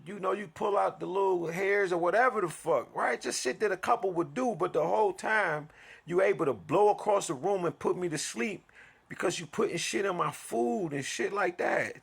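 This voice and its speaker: A man's voice: a little high, gravelly, a bit bright, breathy edge. A man telling an aggrieved story in a profane, heated monologue, restarting and repeating himself as he vents. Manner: aggrieved, ranting, repetitive restarts. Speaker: vlogger.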